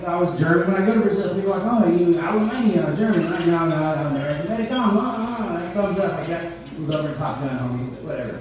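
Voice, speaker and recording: A man's voice: sits high, lively intonation, fast, hardly any pauses. A man in his thirties doing a rambling, profane stand-up set, laughing at his own jokes. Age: 30s. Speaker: stand-up comedian. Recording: echoey room, mic far off.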